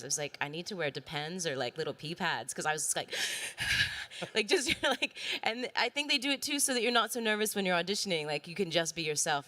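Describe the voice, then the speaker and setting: A woman, a voice actress on a conference panel, speaking in an animated and excitable way. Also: sits low. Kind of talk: casual panel chat.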